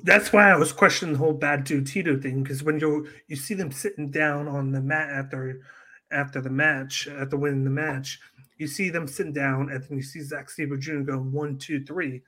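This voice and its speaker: A man on a casual podcast, retelling events in an animated way and acting out what others said. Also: a little high, normal speed. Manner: animated storytelling, acts out quotes. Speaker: podcast co-host. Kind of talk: casual wrestling podcast chat.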